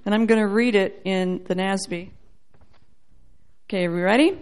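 A woman teaching a sermon in a church setting, animated and playful, acting out quoted voices as she goes. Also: medium pitch, normal speed. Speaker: Bible teacher.

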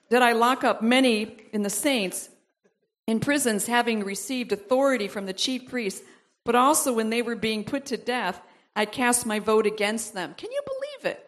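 A woman preaching a sermon, reading scripture aloud with asides, then building to emphatic repeated exhortations. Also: on the high side. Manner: reads verses aloud, breaks off with asides and laughs.

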